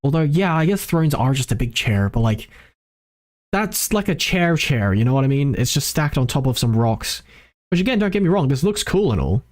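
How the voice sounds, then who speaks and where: A woman's voice: extremely low pitch, sing-song, normal speed, darkish tone. A woman streamer playing through and reading a visual novel, rambling and correcting her own slips. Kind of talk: game playthrough commentary.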